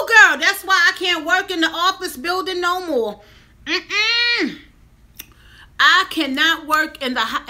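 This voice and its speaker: A woman, chatting casually and emphatically to viewers in a vlog. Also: sits high. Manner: animated, talks straight to viewers, emphatic. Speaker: vlogger. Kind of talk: casual mukbang chat to viewers.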